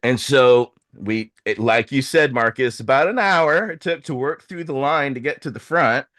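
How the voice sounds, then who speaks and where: A man's voice: medium pitch, moderate pace, a bit bright, no room sound, clean studio sound. Middle-aged man telling a rowdy story. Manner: swearing, acts out quoted voices. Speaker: podcast host. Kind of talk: casual storytelling.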